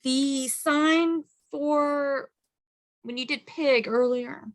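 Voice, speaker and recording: A woman in a class, asking the instructor slowly to clarify a point. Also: sits high, steady tone. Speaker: class participant.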